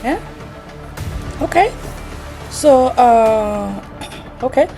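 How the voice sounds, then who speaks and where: Kenyan woman telling lively stories. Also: a little high, measured pace, long pauses, music in the background. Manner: animated, laughs often, acts out quoted voices. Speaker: vlogger. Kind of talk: casual storytelling monologue.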